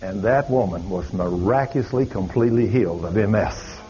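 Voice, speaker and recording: Preacher telling a dramatic story. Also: male voice, lowish voice, normal speed, dark tone. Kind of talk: sermon storytelling. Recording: dull lo-fi recording.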